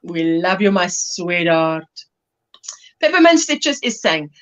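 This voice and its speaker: A woman's voice: on the low side, sing-song, slow pace, a bit bright, rough recording. A South African woman hosting a crochet livestream, chatting playfully, giggling often, and reading viewer comments aloud.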